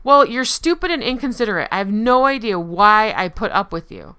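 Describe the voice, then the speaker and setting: A short-tempered young woman scolds her friend in sharp, accusing tones, as a woman reads her lines aloud. The voice comes through bright and smooth. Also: sits high, sing-song, a little fast, pitched above the performer's own voice, exaggerated voice. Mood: scolding.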